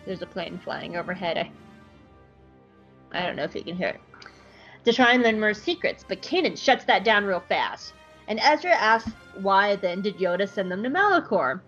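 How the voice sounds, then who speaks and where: A young woman hosts a podcast, recapping an episode in a chatty, irreverent style and swearing casually. Her fairly bright, medium-pitched voice swings widely at a moderate pace over faint background music in a slightly muffled lo-fi recording.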